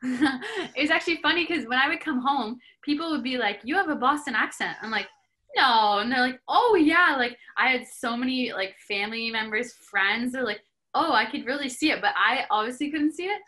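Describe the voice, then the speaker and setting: With a high-pitched, bright and forceful voice at a fairly quick pace, this young hockey player from Canada talks casually as a podcast guest. The interview chat is full of filler words.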